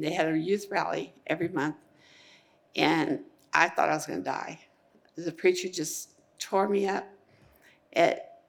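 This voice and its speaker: A middle-aged woman tells her testimony to a church congregation in a low, gravelly voice. She rambles earnestly, circling back and restarting as she goes. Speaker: church member giving testimony.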